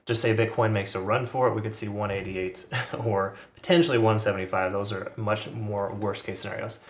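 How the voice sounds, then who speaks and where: A man's voice: on the low side, fairly even intonation, fairly quick, echoey room. A man giving casual, rambling commentary as he walks through crypto price charts, with frequent restarts and asides. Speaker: crypto market analyst.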